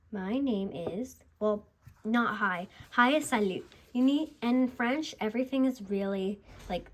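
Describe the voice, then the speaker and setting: A woman at a middle pitch gives a relaxed beginner lesson on her own channel. She talks in an unhurried, chatty way, restarting sentences and drawing out each word so learners can follow. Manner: chatty, repeats and restarts, slow deliberate pronunciation. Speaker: language teacher, channel host. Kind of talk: casual beginner language lesson.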